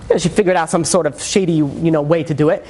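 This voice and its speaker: A man, a rabbi, telling a dramatic story in a sermon, with lively, conversational storytelling that swings into character voices. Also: quick pace. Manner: animated storyteller, acts out characters with shifts in pitch; conversational, many fillers.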